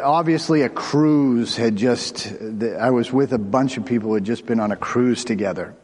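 A man preaching a sermon as pastor, conversational, with quick asides and bursts of fast talk. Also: medium pitch, a little mellow. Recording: long hall reverb.

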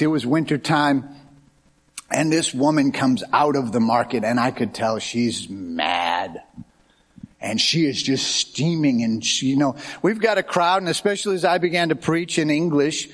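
A middle-aged American man preaching as a pastor. He tells anecdotes in an animated way, acting out the quoted dialogue as he goes. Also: mid-range voice. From United States. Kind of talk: sermon with storytelling.

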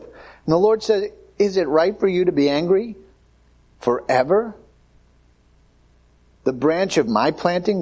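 A man's voice: a little high, darkish tone, slightly rough. A man preaching a conversational sermon, acting out the voices of Bible figures.

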